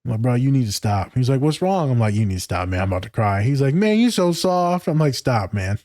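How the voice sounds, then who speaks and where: A man's voice: on the low side, quick pace, darkish tone, dry recording, studio quality. A man in casual podcast chat, loose and candid, swearing freely and acting out conversations. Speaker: podcast co-host.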